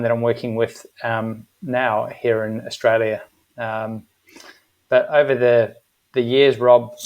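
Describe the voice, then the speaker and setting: A middle-aged man with a New Zealand accent, a guest in a casual interview, speaking in an even, measured way with frequent ums. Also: mid-range voice. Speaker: guest, agency managing director.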